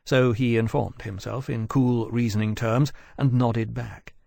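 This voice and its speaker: A man reads a historical novel aloud with even, measured pacing. His voice sits in an ordinary middle pitch. The recording is close and dry, with no room around it. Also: gravelly, no echo. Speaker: audiobook narrator. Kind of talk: scripted narration.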